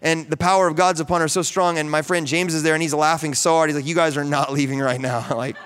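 A man's voice: a little high, clean tone. A man in his thirties, a pastor preaching a sermon and telling stories with rising fervor. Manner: storytelling, animated, rising to fervent peaks.

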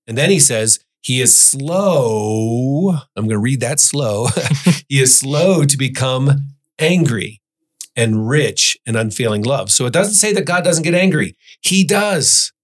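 Male podcast host with a mid-range voice, earnest, reads scripture aloud. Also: medium pitch. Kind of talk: Bible study discussion.

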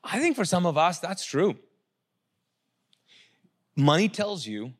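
A middle-aged male pastor preaching a sermon, animated, asking the crowd questions and acting out quotes. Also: high-pitched, slow, pauses often.

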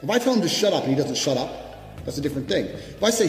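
A man's voice: on the high side, very animated, quick pace, a little mellow. Blunt, profane man preaching in reverb. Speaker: motivational speaker. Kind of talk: motivational speech. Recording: echoey hall reverb with background music.

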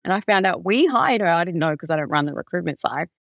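Brief: woman business founder as podcast guest, lively storyteller, dry close sound. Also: lowish voice, quick pace, gravelly, no echo. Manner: animated storyteller, heavy use of "like". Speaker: recruitment company founder, guest. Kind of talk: conversational podcast interview.

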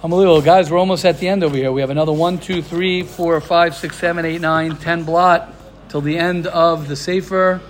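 A man teaches a casual Torah lesson in a high-pitched voice. He acts out the quotes and drops Hebrew and Yiddish terms as he goes. A faint hiss runs underneath. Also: steady tone, fairly quick. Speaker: rabbi teaching a class.

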